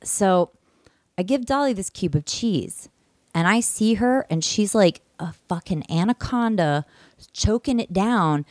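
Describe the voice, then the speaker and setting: A woman telling a story in casual podcast chat, lively and swearing freely, acting out what she said back then. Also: mid-range voice, unhurried, no room sound, clean studio sound. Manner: animated, swears freely, acts out her own screams and quotes.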